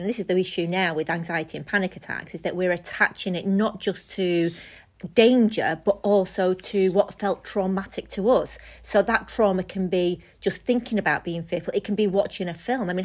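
A middle-aged woman from England speaks in a fairly low voice. She co-hosts a casual chat and talks in a lively, emphatic way, often teasing her co-host. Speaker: podcast co-host.

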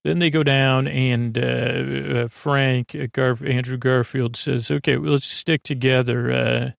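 Guy rambling through a show recap, lots of uhs, raspy fry in his voice, mid pitch. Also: flat delivery, a little slow, no room sound, studio quality. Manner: meandering, many filler ums and restarts. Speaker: podcast host. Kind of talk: rambling episode recap for sleep.

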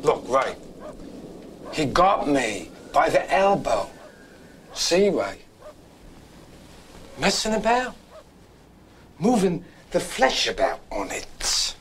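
An edgy, insistent male Londoner in a film scene speaks in a forced London accent. He drags each phrase out slowly while his pitch swings up and down widely. A faint hiss sits under the old film audio. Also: very animated, fairly bright tone, full character voice. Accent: attempted London.

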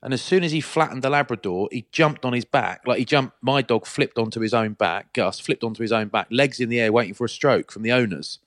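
A middle-aged man, chatting casually as a podcast co-host and telling animated stories. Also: medium pitch, fairly quick, few pauses, no room sound, clean studio sound. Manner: chatty storyteller, animated anecdotes. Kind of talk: casual chat.

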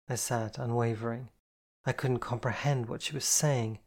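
An audiobook narrator giving measured first-person storytelling from a novel. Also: medium pitch, flat delivery.

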